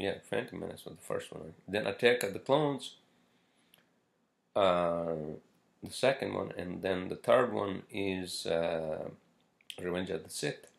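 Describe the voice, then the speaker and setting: A man's voice: deep voice, a little slow, creaky. A man hosting a casual solo podcast who rambles and swears often, with many fillers and restarts. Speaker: podcast host.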